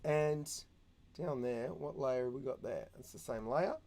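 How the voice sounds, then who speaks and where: A young man teaching animation in a casual, chatty way, thinking out loud and making little sound effects as he works. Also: medium pitch, measured pace, vocal fry. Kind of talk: casual screen-recorded tutorial.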